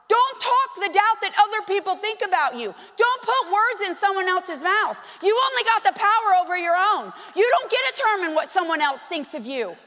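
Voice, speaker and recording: A woman preacher giving an animated, conversational sermon and putting questions to her congregation. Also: very high-pitched, normal speed. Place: church hall. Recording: long hall reverb.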